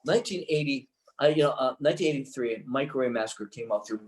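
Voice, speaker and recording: Older man, interview guest, excitable, rambling, restarts often, average pitch. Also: fast talker, low-quality recording. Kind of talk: rambling anecdotal storytelling.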